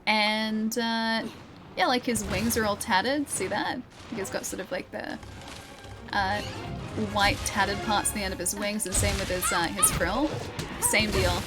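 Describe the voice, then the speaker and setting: A woman's voice: medium pitch, fairly even intonation, unhurried. A woman from Melbourne with an Australian accent, chatting casually with viewers while she plays a game, rambling and self-deprecating with lots of fillers. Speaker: streamer. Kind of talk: casual live-stream chat while gaming. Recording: game music clearly heard behind the voice.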